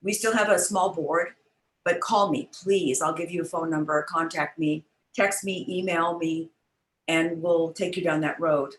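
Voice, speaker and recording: A woman's voice: sits low, steady tone, measured pace. Earnest older woman, roomy echo. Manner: earnest, heartfelt, chatty. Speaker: guest, business founder. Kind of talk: personal storytelling in an interview. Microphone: online event, video call.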